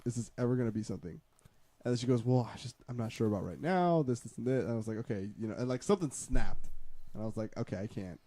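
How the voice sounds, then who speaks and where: A man's voice: mid-range voice, expressive, fast, warm tone, dry recording. Rambling man telling a story. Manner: rambling, storytelling with frequent restarts and laughter. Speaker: podcast co-host. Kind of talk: casual chat.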